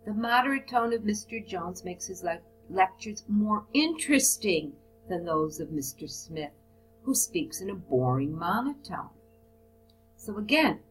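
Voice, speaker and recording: A woman's voice: medium pitch, poor audio. A woman teaching a recorded business English lesson, reading example phrases aloud and then explaining them. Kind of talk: recorded lesson on report writing.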